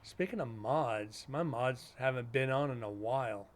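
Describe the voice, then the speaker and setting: A male streamer talking casually to his chat, blunt and sarcastic, cursing often. His voice sits at an ordinary middle pitch for a man. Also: measured pace. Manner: blunt, sarcastic, swears freely.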